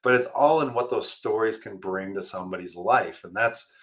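Bright-voiced man telling stories. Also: fairly low pitch, moderate pace. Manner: animated storyteller, laughs often, acts out quoted voices. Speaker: guest, motivational speaker and firefighter. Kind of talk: storytelling interview answer.

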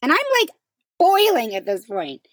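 A woman chatting on a talk show, telling a personal story in an animated way and acting out the quoted voices. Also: on the high side, moderate pace, no room sound. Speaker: podcast co-host. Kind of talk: casual chat.

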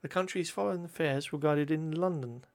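Guy reading history notes out loud, kinda high voice with some gravel, trips over words and fixes them. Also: normal speed. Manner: stumbles over words and corrects himself.

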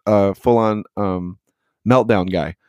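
A man's voice: fairly low pitch, steady tone, slow pace, a little mellow, clean tone, dry recording, highs cut off. A man hosting a podcast in casual chat, laid-back and profane, laughing easily. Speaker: podcast host.

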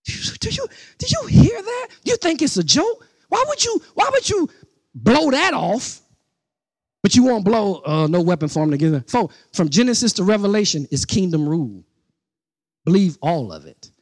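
A man's voice: sits high, very animated, moderate pace, no room sound, clean studio sound. A middle-aged man preaching a sermon as pastor, speaking conversationally with asides to the congregation and building into rising outbursts with repeated phrases.

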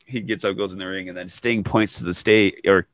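A man co-hosting a podcast, recapping wrestling in casual chat, excitable and laughing often. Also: deep voice, a little fast, dry recording, studio quality. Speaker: podcast co-host.

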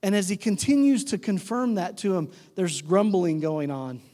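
A pastor with a dark, expressive voice preaches at a moderate pace in a hall full of reverb. His style is conversational: he poses questions to the congregation and voices quoted speakers by moving his pitch around.

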